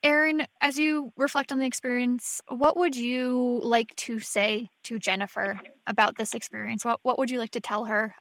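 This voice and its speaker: A woman interviewer with a high voice asks her questions gently and steadily. The recording is close and dry. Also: fairly even intonation, normal speed, few pauses, dry recording.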